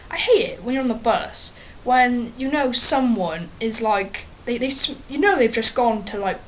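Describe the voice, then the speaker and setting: A woman's voice: high-pitched, slight background noise. Sarcastic woman ranting. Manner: sarcastic, sweary, rambling storyteller. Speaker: vlogger. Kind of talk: casual ranting vlog.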